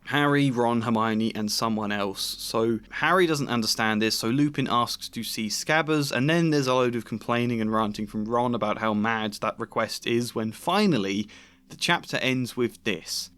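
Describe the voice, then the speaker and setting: A man's voice: medium pitch, normal speed, a bit bright, clean tone. A man giving analytical book-critique commentary as a video essayist, mildly exasperated.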